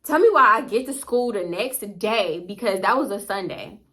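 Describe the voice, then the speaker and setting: Bright-voiced chatty young woman. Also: mid-range voice, animated, moderate pace. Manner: chatty, slangy, addresses viewers as y'all. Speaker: vlogger. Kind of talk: casual storytime.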